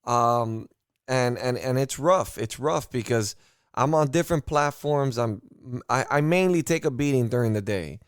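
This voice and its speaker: Male podcast host from Miami, mid-pitched, unfiltered and profane, smooth resonant tone, dry sound. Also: lively intonation, normal speed, dry recording. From Miami, United States. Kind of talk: casual political podcast talk.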